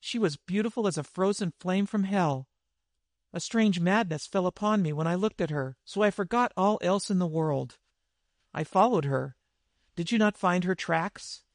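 A man's voice: high-pitched, moderate pace, dry recording, clean studio sound. A man reading the lines of a dazed, hardened barbarian warrior in a storybook.

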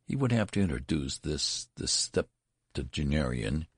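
A man narrating an audiobook story in a measured, expressive way. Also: extremely low pitch, breathy edge, dry recording, studio quality.

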